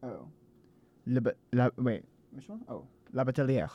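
A man co-hosting a college radio music show, chatting in a relaxed way and stumbling over French song titles. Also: medium pitch, normal speed, muffled recording. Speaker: co-host radio DJ. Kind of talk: casual on-air chat. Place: radio studio.

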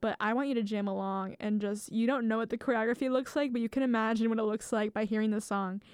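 A woman's voice: fairly high pitch, fairly even intonation, quick pace, smooth, dry recording, studio quality. An American woman hosting a music show, chatting casually and rambling with lots of fillers and restarts. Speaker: radio show host.

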